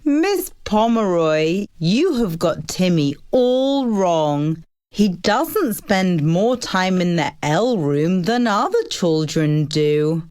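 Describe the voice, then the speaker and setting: Woman doing a defensive mother, impatient, smooth voice, slow. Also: fairly low pitch, sing-song, darkish tone, no echo, studio quality. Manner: brisk and defensive. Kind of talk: animated story dialogue.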